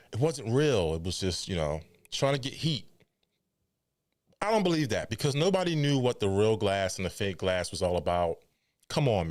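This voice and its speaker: A man hosting a wrestling podcast, giving casual, animated news commentary with incredulous asides and mock quotes. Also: lowish voice, dry recording, studio quality.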